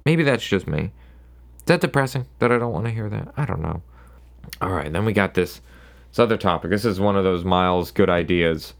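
Man, low gravelly voice, casual solo podcast, sarcastic rambling. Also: expressive, brisk. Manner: rambling, sarcastic, self-interrupting. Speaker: podcast host.

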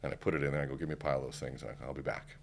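A man's voice: rumbling low, rapid-fire, vocal fry, a little hiss or hum. A man telling a story in casual conversation as a podcast guest, acting out what people said. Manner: animated, acts out quoted dialogue. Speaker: podcast guest, keynote speaker.

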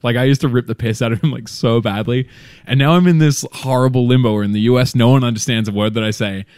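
A man's voice: mid-range voice, steady tone, fast, a little mellow, smooth, no room sound, clean studio sound. A man from Australia with a partly Americanized Australian accent, chatting casually as a podcast guest, rambling and self-mocking. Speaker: guest, skydiver.

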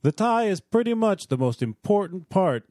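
A man's voice: sits high, very animated, normal speed, dark tone, no echo, studio quality. A man co-hosting a comedy podcast, speaking in a pompous, mock-business manner. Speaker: podcast co-host.

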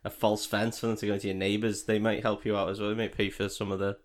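A man co-hosting a comedy podcast, handing out absurd life tips in a deadpan way and laughing often. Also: fairly low pitch, fast. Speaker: podcast co-host. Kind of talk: casual comedic banter.

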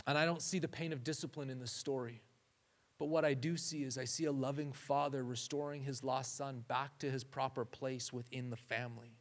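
A man's voice: mid-range voice, fairly even intonation, fairly quick. A man giving a conversational sermon, often restarting phrases and saying "like". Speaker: preacher.

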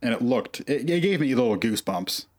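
A man's voice: medium pitch, animated, fairly quick. A man co-hosting a casual movie podcast, rambling with many fillers. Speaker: podcast co-host. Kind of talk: casual chat.

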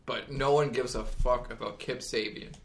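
A man's voice: mid-range voice, fairly even intonation, moderate pace. A man co-hosting a podcast, speaking bluntly with a lot of swearing in casual chat. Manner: blunt and profane. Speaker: podcast co-host.

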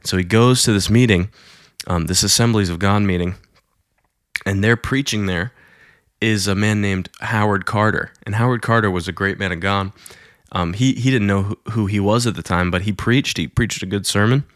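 Man, low voice, dry close sound, chatty faith storyteller who acts out quotes. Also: moderate pace, a bit bright, no room sound. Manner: conversational retelling with many fillers, acting out quoted lines. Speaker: Christian storyteller. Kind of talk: casual storytelling.

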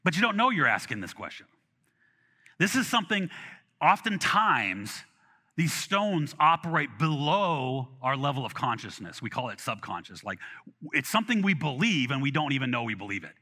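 At normal speed, a pastor gives a sermon in a bright, forceful tone with lively, swinging pitch. His delivery is animated and conversational, full of restarts, repeated words and acted asides. Long reverb from a large hall surrounds him, and at times he drifts away from the mic.

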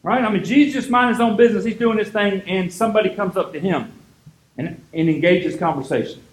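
A man's voice: high voice, fast, echoey room, poor audio. A man preaching a casual sermon as a pastor, retelling scripture in an easygoing, conversational way.

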